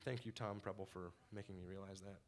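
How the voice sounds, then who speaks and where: A young man telling his personal story to a church congregation, animated and laughing often as he acts out his own past words. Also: low-pitched, brisk, crowd noise. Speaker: church member giving testimony.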